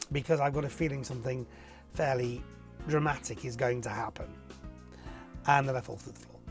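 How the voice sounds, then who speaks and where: A man's voice: on the high side, gravelly, darkish tone. Chuckling man answering viewer questions. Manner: chuckles often, playful and self-mocking. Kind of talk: casual chat.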